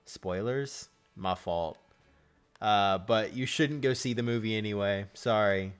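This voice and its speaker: A man's voice: on the low side, measured pace, smooth, faint music behind. A man hosting a casual live stream, chatting with viewers and reacting as he goes.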